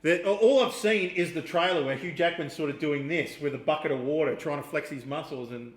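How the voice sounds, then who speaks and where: High-pitched Australian man, laid-back. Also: fairly quick, roomy sound. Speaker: podcast co-host. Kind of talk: casual chat.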